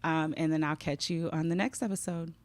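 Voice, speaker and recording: A woman's voice: low voice, fairly even intonation, fairly quick, no room sound. A middle-aged woman hosting a podcast, talking heartfelt and emotional, at times fighting back tears. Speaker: podcast host.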